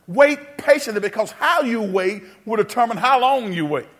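A male pastor preaching a sermon in a church sanctuary, calling on the congregation to answer back, half-singing some lines and rising to shouts. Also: high voice, expressive, moderate pace. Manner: call-and-response preaching, sings some phrases, rises to shouts.

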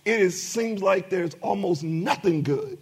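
A man's voice: high voice, measured pace, darkish tone, husky. A middle-aged man preaching a sermon as pastor, with emphatic rising bursts and many repetitions.

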